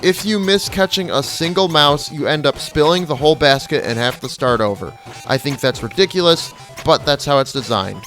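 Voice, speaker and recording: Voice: medium pitch, fairly bright tone. Jugador con comentario relajado y sarcástico. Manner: chatty, offhand, a bit sardonic. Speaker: let's play gamer. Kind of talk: casual game commentary.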